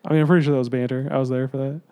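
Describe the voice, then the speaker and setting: A man's voice: mid-range voice, fairly even intonation, very fast, smooth, dull audio. A man co-hosting a podcast in casual chat, who laughs often as he talks. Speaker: podcast co-host.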